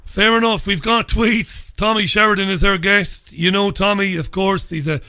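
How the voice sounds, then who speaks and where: Irish man as talk-radio host, relaxed and chatty, slightly high voice. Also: moderate pace. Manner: relaxed, chatty, reads listener tweets.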